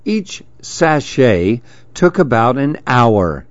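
A man reading a children's storybook aloud, gentle and expressive. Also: mid-range voice, takes it slowly, dry recording, dull audio.

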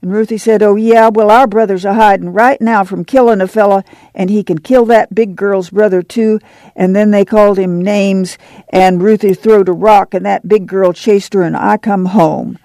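An excited little farm boy tumbles through his story in a breathless, higher rural drawl, as a woman reader voices him. The tone is mellow and slightly gravelly, heard dry and close. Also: a little slow, dry recording.

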